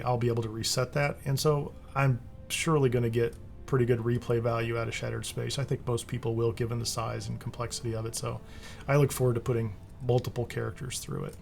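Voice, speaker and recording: A man hosting a video game guide, talking casually over gameplay in a relaxed, rambling way that often restarts sentences. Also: medium pitch, gravelly.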